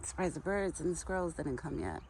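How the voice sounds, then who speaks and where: A woman's voice: low-pitched, lively intonation, a little fast, a little mellow, a little hiss or hum. A woman vlogging outdoors while feeding her pet deer, chatty, cooing to it in baby talk now and then. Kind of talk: casual outdoor vlog. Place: outdoors in a wooded yard.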